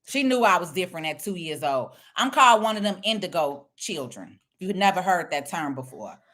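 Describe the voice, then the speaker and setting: A woman's voice: on the low side, sing-song, normal speed, fairly bright tone. A woman speaking blunt, preachy casual talk, lecturing her viewers. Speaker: online commentator. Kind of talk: casual direct-to-camera talk.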